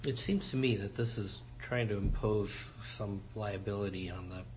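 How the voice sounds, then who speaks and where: A man's voice: fairly low pitch, normal speed, a little mellow, a little hiss or hum, rough recording. A man on a board asking an analytical question at a public meeting. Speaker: board member.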